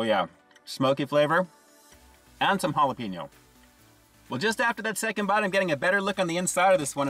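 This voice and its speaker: A man's voice: mid-range voice, fairly bright tone, distant mic. A man giving an enthusiastic casual food review, chatting to viewers and calling them "guys" as he tastes. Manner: enthusiastic, repeats "guys" and "action".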